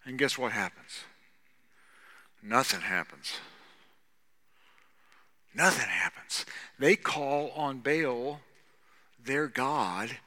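A man preaching a sermon with animated storytelling, dropping to hushed asides and rising to shouts, with sarcastic humor. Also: mid-range voice, very slow, long pauses, big-room sound. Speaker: pastor.

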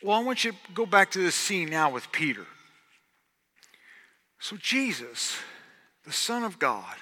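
A man preaching a sermon as pastor, swinging between hushed passages and loud, emphatic outbursts. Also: high-pitched, sing-song, measured pace. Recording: long hall reverb.

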